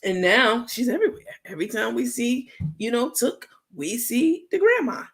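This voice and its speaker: Host: New York woman, gravelly, loose slangy gossip talk. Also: fairly high pitch, very animated. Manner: chatty, drawn-out, slangy, full of fillers. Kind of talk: gossip commentary stream.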